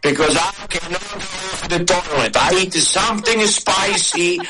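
A man imitating his older immigrant father, with a thick accent and a deadpan delivery. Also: moderate pace, natural voice. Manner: thick accented put-on voice, pitched up.

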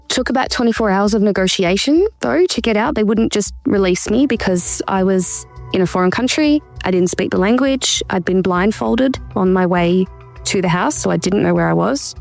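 A woman's voice: mid-range voice, moderate pace, vocal fry, darkish tone, faint music behind. A woman guest in an interview, telling her own story in an earnest, searching way with frequent restarts. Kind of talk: personal account in an interview.

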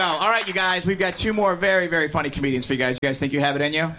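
A man's voice: a little high, rapid-fire, few pauses, heavy background noise. A man emceeing a comedy show, teasing the audience and hyping it up. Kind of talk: crowd work and introductions. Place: comedy club with a live audience. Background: loud crowd.

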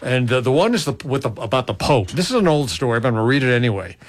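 A man's voice: mid-range voice, animated, racing. A man hosting a casual radio talk show, reading odd news stories with laughs and stumbles. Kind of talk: casual morning radio banter.

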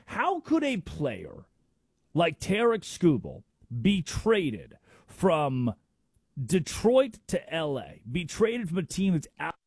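Animated sports radio host, dark voice. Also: male voice, a little high, slow, slightly rough, dry recording, studio quality. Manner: animated, emphatic, builds arguments with rhetorical questions. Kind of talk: sports talk radio monologue.

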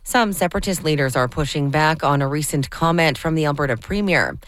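A woman reading the news on radio in a measured, crisp newscast delivery. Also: sits low, lively intonation, no echo, clean studio sound. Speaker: newsreader.

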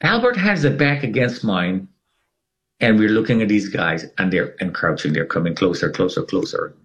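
In an interview, a male guest recounts a dramatic personal story, his voice animated and his pace moderate. He swings his pitch widely for emphasis, and the recording sounds muffled.

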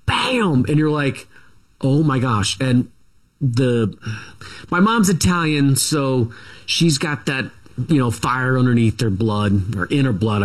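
A middle-aged man being interviewed as a guest, telling a family story in a rambling, halting way with many asides. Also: on the low side.

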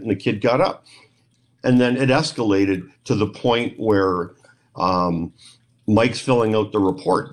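A middle-aged man telling a rambling story in an interview, acting out the voices of the people in it. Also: on the low side. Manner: rambling, animated retelling with quoted voices. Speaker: guest, paranormal investigator.

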